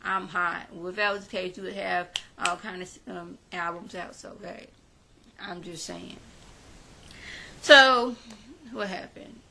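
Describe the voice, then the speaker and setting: Opinionated female recapper, bright and gravelly, home mic with light hum. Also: lowish voice, fairly even intonation, unhurried, long pauses, low-quality recording. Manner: chatty, opinionated, talks straight to viewers. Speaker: reality show recapper. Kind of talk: casual recap talk with quoted paraphrases.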